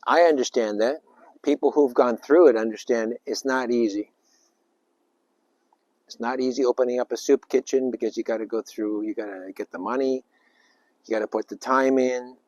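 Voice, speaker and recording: A man giving an informal spiritual talk, rambling and emphatic, with sudden loud bursts and little acted-out voices. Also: medium pitch, moderate pace, long pauses, no echo. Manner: acts out little voices and sounds. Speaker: spiritual speaker.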